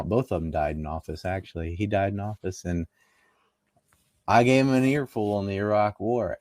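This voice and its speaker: A man's voice: fairly low pitch, darkish tone, no room sound, clean studio sound. A man from North Carolina giving an interview, talking politics in an emphatic, argumentative, scoffing way. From North Carolina, USA. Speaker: interview guest. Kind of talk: casual political talk.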